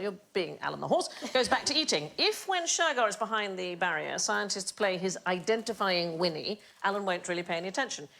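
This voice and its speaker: A woman's voice: medium pitch, fairly bright tone. A woman hosting a TV quiz show, explaining odd facts with amused enthusiasm. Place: TV studio with audience. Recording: studio audience laughter behind.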